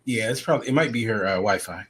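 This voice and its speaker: A man hosting a casual chat, jokey and halting, with fillers. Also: lowish voice, a bit bright, slightly rough.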